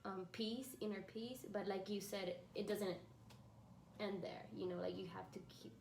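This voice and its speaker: A woman hosting a podcast, chatting casually with many fillers and agreeing warmly. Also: medium pitch, fairly even intonation, normal speed. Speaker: podcast host. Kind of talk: casual conversation. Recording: echoey room with faint background noise.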